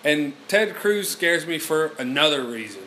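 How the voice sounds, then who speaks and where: A man talks with a laid-back, wry manner on a podcast, swearing freely. His voice is bright with a slight edge and sits a bit high for a man. A faint hum lies under the recording. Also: animated, moderate pace. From Alabama. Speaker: podcast co-host. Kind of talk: casual chat.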